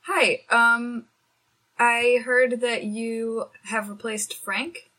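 Bright, husky young-sounding woman player. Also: on the high side, fairly even intonation, drawn-out words. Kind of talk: tabletop role-play, playing her character.

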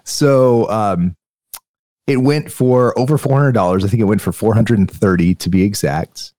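A man with a low voice co-hosts a casual podcast. He tells a story with many fillers and hesitant restarts, and the sound is dry and close. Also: dark tone, no echo. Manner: drawn-out, wondering, full of fillers. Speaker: podcast co-host. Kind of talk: casual chat.

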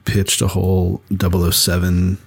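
Low gravelly-voiced man chatting casually. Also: monotone, moderate pace. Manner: rambling, many fillers and restarts. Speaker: podcast co-host. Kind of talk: casual chat.

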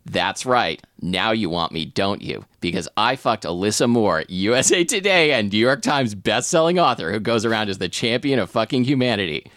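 A man reading aloud as a cocky, crude male romance cover model with a slow, boastful drawl. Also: lowish voice, expressive, fairly bright tone, dry recording, clean studio sound.

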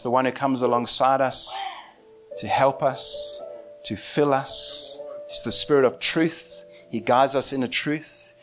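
A man preaching a sermon in an animated way, often breaking into laughter as he talks. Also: mid-range voice.

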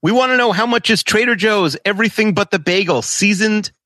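A man's voice: high voice, brisk, sharp tone, no echo. A man co-hosting a mock game show, reading out products in a jokey, hyped announcer voice. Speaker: co-host presenting prizes. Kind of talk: announcer-style product reads.

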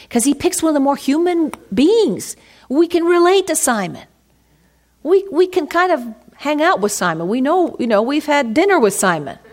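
A woman teaching from scripture in a conversational way, reading verses aloud and then asking her listeners rhetorical questions. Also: a little high. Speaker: Bible teacher.

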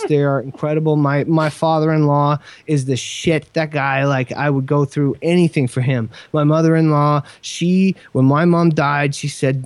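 Guy hosting a podcast, kinda high voice, rambling and earnest, swears, dry close mic. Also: fairly even intonation, smooth, no room sound. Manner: rambling, earnest, profane, halting restarts. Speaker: podcast host. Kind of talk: casual podcast talk.

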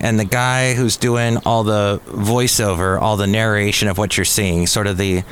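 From a cafe, a podcast host chats through the week's news in a casual, conversational, storytelling way. His voice is on the low side with a fairly bright tone, and there's a little hiss or hum.

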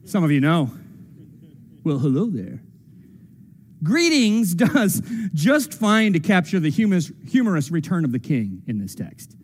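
A man's voice: high voice, very animated, moderate pace, slightly rough, long reverb tail. A man preaching a sermon as a pastor, casual and joking, with playful quoted voices. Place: church sanctuary.

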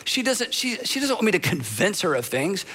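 A man's voice: high-pitched, very animated, normal speed, sharp tone, slightly rough. A middle-aged male pastor delivering a sermon in a conversational way, with humorous asides and repeated phrases.

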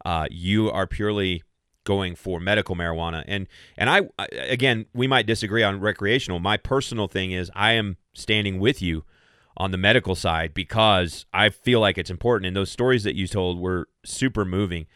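A man's voice: sits low, normal speed, pushed and bright, clear, resonant tone, no room sound, studio quality. A man hosting an interview, asking questions in a careful, conversational way. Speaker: host. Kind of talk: casual interview.

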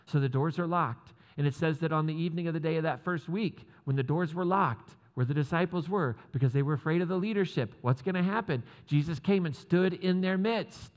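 Casting: man, pastor, relaxed joking sermon delivery, slightly high voice, long hall echo. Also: a little fast, hardly any pauses. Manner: casual, joking asides with laughs.

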